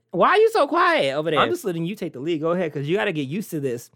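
A brash, teasing talk show host chatting casually to the audience. The pitch leaps and swoops all over in an animated way. The sound is dry and close, with no room around it. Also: fast, no echo. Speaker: podcast host. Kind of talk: casual solo chat.

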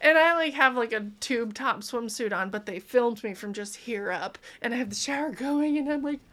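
A bubbly woman in her thirties chatting as a podcast guest, her voice sitting a little high. She laughs often and acts out the moments of her stories as she tells them. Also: normal speed, a bit bright. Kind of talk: casual chat.

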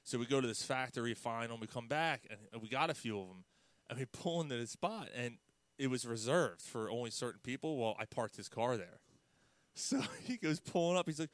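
A man telling prank stories in casual chat, animated, with loud mimicked outbursts. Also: mid-range voice, a little fast, dry recording. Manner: animated storyteller, loud mimicked outbursts, laughs mid-story.

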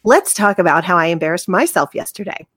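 A woman co-hosting a podcast in casual chat, self-deprecating and quick to laugh. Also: on the low side, animated, a bit bright, no echo, studio quality. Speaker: podcast co-host.

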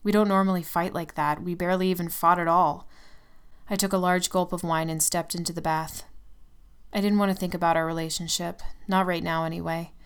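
Low, smooth-voiced woman narrating a story. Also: fairly even intonation, fairly quick. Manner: intimate, confessional reading. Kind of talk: first-person story narration.

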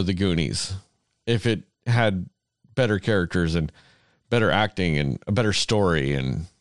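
Podcast co-host, man, lowish voice that swings a lot, dry close sound. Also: no echo. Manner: emphatic, sardonic, lively. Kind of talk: casual film review chat.

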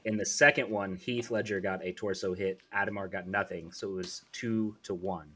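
A man's voice: low voice, normal speed. A man co-hosting a movie podcast, cracking jokes and explaining things in a casual chat. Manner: joking, explains rules in a steady way. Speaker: podcast co-host.

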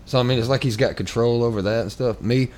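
This man co-hosts a podcast, talking casually in a rambling way with plenty of fillers and restarts. His mid-range voice is quick, steady and a little mellow, and slight background noise can be heard.

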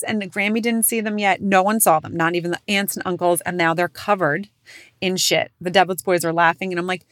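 A woman in her thirties telling a family story in casual chat, animated and swearing freely, jumping into high voices for quotes. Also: a little fast, no echo, clean studio sound. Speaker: podcast host.

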